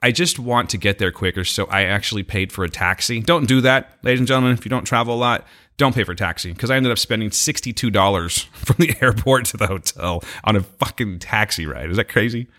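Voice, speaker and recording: Talking fast in a lowish, sharp-toned voice, a young male podcast co-host spins a meandering story in casual conversation, laughing and cursing as he goes.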